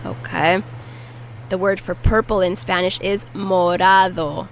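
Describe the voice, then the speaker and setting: A woman teaching Spanish goes through a vocabulary lesson with repetition drills, patiently saying each word again and explaining how to pronounce it. She speaks slowly in a lowish voice; the rough recording carries a little hiss or hum.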